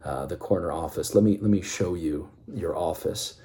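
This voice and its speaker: A man voicing a smiling, gracious male company CEO who speaks warmly and courteously. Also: sits low, normal speed, natural voice.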